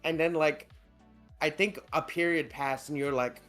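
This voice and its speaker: A man's voice: fairly high pitch, steady tone, measured pace, fairly bright tone, soft background music. A man co-hosting a casual podcast, laughing often and teasing his friend while retelling a story. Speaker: podcast co-host. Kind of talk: casual chat.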